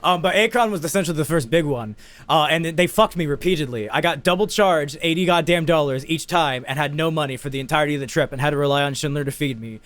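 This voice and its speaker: A young man co-hosting a podcast, telling a story in casual, profane chat and bursting into shouts as he acts out his panic. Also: on the high side, fast. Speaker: podcast co-host.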